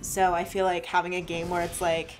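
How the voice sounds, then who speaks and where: A woman's voice: fairly low pitch, little pitch movement, brisk, faint music behind. A woman chatting casually while playing a video game, rambling through her thoughts, laughing often and swearing. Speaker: let's play co-host. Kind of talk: casual gaming chat.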